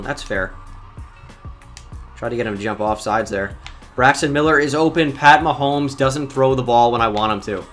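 A young man giving live commentary on his own football video game, excitable and talkative, jumping from loud outbursts to muttered complaints about his players. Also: medium pitch. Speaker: gaming YouTuber.

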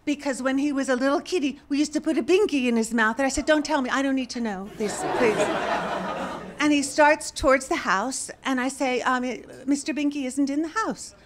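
A woman comedian doing stand-up storytelling on a club stage, wry and deadpan, rising to exasperated bursts. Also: high-pitched, a little fast. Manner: deadpan, wry delivery that rises to exasperated outbursts. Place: comedy club stage before a laughing audience.

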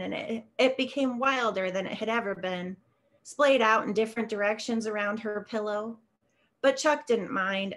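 A woman author reading her own short story aloud in a measured, steady way on a video call. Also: mid-range voice. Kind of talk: literary reading.

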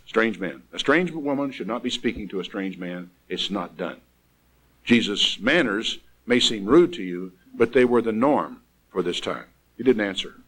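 A man preaching a sermon in an emphatic way, swinging from loud exclamations down to quiet asides. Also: mid-range voice, rough recording.

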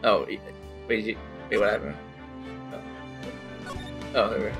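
A man hosting a casual gaming session, excitable and tripping over his words. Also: lowish voice, moderate pace, faint music behind. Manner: excitable, stumbling. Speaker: host.

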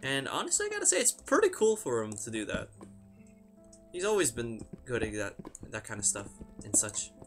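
A man's voice: mid-range voice, huge pitch swings, normal speed. A young man talking casually over a game he plays, chanting repeated words under his breath. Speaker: gamer. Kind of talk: game commentary. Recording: music in background.

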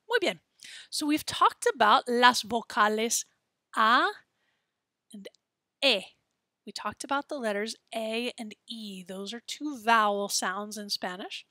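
Female teacher, children's language lesson, slow careful delivery, bright voice, dry close sound. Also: on the high side, no echo. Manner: slow, clearly enunciated, encouraging. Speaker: Spanish teacher.

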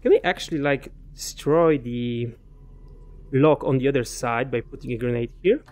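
A man's voice: mid-range voice, normal speed, a little mellow. Chatty man muttering through a game. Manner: chatty, talks to enemies, mutters asides to himself. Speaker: gaming commentator. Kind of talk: casual let's-play commentary.

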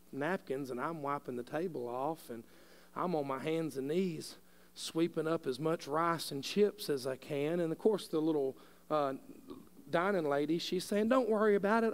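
Man, middle-aged, pastor, sermon, folksy storytelling, forceful preaching, high-pitched. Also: measured pace.

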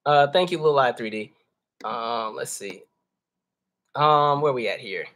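A man with a mid-range, slightly bright voice hosts a livestream at a measured pace. He reads the chat and talks conversationally, calling his viewers y'all.

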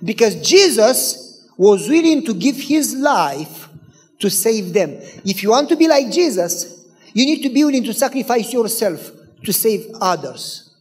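A male pastor tells a story from the pulpit and acts out both sides of the conversation. His voice is high and husky. It rings with the long reverb of a large hall. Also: unhurried. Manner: animated, acts out dialogue. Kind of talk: sermon storytelling.

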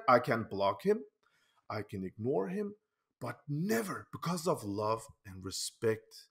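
A man's voice: medium pitch, sing-song, a little slow, vocal fry, a bit bright. A man, telling a YouTube vlog story as an agitated rant, swearing often and restarting his sentences. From Denmark. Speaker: pinball YouTuber.

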